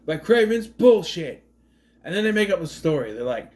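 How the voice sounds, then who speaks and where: Brief: man, casual movie recap host, rambling and sardonic, slightly high pitch. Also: big pitch swings, fairly quick, a little mellow. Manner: rambling, with frequent fillers and restarts; sardonic, questioning asides.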